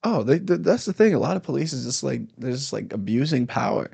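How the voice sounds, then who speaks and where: Gravelly man telling a story. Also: mid-range voice, quick pace, dry recording. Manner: animated storyteller, acts out angry cops loudly. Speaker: comedian guest. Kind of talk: casual storytelling chat.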